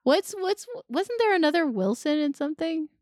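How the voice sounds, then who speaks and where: Female podcast co-host, curious and easygoing, quick laughs, dry close-miked sound. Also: sits high, lively intonation, darkish tone, no echo. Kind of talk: casual movie podcast chat.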